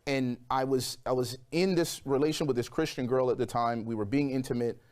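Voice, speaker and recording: Animated man telling a personal testimony. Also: mid-range voice, brisk. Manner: animated storyteller, acts out quoted voices. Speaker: guest.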